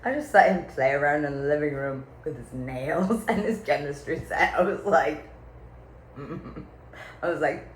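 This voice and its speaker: A woman's voice: deep voice, a little slow, slight background noise. Theatrical rambling woman in echoey room. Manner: rambling, theatrical, swears freely, full of "like" and "okay". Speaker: vlogger venting to viewers. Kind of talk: comedic rambling monologue. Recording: echoey room with faint ambience.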